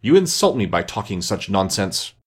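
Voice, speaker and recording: A man's voice: on the low side, very animated, moderate pace, breathy edge. A man voicing a touchy, easily offended mouse in a storybook reading, speaking sharply and severely.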